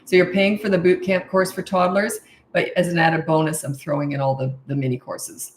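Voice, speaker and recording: A woman's voice: on the low side, flat delivery, fairly quick. A middle-aged woman coaching parents in a casual live Q&A, blunt and chatty, laughing at herself. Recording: roomy echo.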